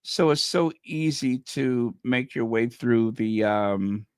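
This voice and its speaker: Male host, casual rambling chat, slow and halting, smooth tone. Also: medium pitch, no echo. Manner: rambling, halting, full of fillers. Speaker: channel host reacting to a clip.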